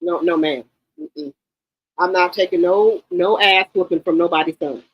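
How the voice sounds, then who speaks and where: A woman's voice: lowish voice, moderate pace, breathy edge, dry recording, highs cut off. Blunt fifty-something woman. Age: 50s. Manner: blunt, emphatic, repeats words. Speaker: livestream host. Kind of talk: unscripted livestream commentary.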